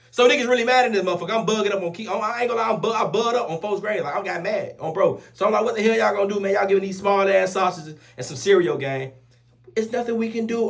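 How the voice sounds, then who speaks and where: A young man telling a rough story in casual street slang, animated and profane, repeating oaths after every line. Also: sits high. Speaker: storyteller vlogger.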